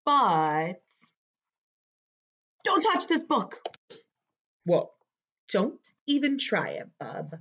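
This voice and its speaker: Woman voicing Larry, a bossy excitable book character. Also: medium pitch, muffled recording, exaggerated voice. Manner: exclaims and coaxes the listener into actions.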